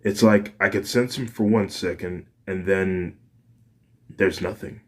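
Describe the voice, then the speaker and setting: A man's voice: deep voice, a little slow. A man voicing a worried, earnest teenage boy in a fan story, speaking hesitantly.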